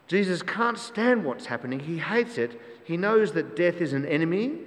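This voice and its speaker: A man's voice: on the high side, lively intonation, normal speed, few pauses. Emphatic preaching man, reverberant church. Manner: emphatic, repeats key phrases, asks the congregation rhetorical questions. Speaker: pastor. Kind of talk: sermon. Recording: long church hall reverb.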